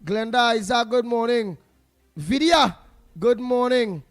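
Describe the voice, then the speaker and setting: High-voiced Trinidadian male talk host. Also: slow, dry recording, soft background music. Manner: chatty, creole phrasing, laughs often, rattles off names. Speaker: radio talk show host. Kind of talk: casual on-air chat greeting listeners.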